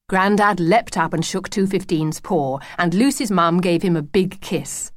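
A woman reading a children's storybook aloud in a gentle, clear storytelling manner. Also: on the low side, measured pace, few pauses, no echo, clean studio sound. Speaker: audiobook narrator. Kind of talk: scripted children's story narration.

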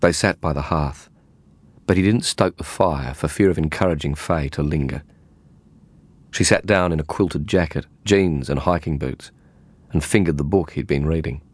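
A man reading an audiobook in calm, measured narration. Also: very deep voice, husky, no room sound. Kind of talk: scripted narration.

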